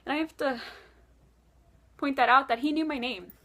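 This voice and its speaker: Woman, vlogger, storytelling to camera, chatty, animated, lots of "like", somewhat high voice. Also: moderate pace. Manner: chatty, animated, many "like" fillers.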